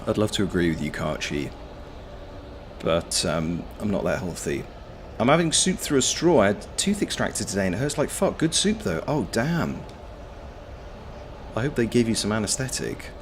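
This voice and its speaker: A lower-voiced man streams a game from home, his pitch swinging widely as he shouts at enemies and reads chat. He talks freely and animatedly, with the odd swear, into a streaming mic. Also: big pitch swings, normal speed, a little hiss or hum. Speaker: streamer and voice actor. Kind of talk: live-stream gameplay commentary, chatting with viewers.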